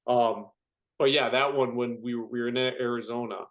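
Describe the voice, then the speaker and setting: In narrow, tinny audio, a young man's steady, mid-range voice moves fairly quickly. He's a firefighter appearing on a podcast, chatting casually, telling stories for laughs, and acting out what people said.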